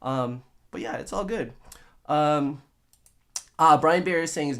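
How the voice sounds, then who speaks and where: Chatting with viewers on a casual home-studio live stream, a man rambles playfully and packs in jokes and wordplay. His fairly bright voice sits on the high side, a little slow, with long pauses.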